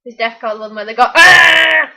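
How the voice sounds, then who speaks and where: A teenage girl is interviewed in a casual chat, her high, sharp-toned voice very animated at a normal speed. Her answers ramble, packed with opinions and filler words. It's captured as a dull, lo-fi home recording.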